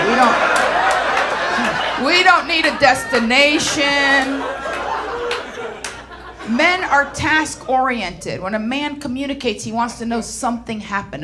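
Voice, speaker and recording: A woman's voice: high-pitched, lively intonation, unhurried. A middle-aged woman doing stand-up, brassy and punchy, talking straight to the audience. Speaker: stand-up comedian. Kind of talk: stand-up comedy set. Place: comedy club stage with a laughing audience. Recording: live club recording, noisy crowd.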